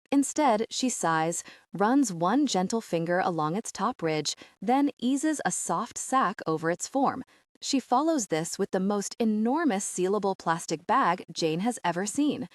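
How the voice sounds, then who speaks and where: Female audiobook narrator, animated storytelling voice, dry booth recording. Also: mid-range voice, no echo. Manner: expressive, varied character reading. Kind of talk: scripted narration.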